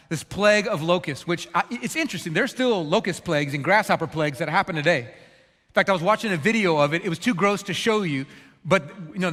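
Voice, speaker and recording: A male pastor preaching a sermon, animated, at times dropping to a hushed voice. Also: high voice, in a large hall. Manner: animated preaching, drops to a hushed voice for quoted regrets. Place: church.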